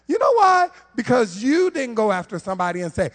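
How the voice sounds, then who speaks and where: A man preaching a conversational sermon to his church, animated and humorous, full of rhetorical questions. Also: very high-pitched, fairly quick, hardly any pauses. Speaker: preacher on the worship team. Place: church sanctuary. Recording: long reverb of a church hall.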